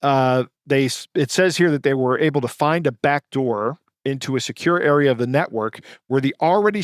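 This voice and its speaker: A man co-hosting a podcast, recounting news stories in a casual, halting way with many fillers and self-corrections. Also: mid-range voice, dry recording, studio quality. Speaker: podcast co-host.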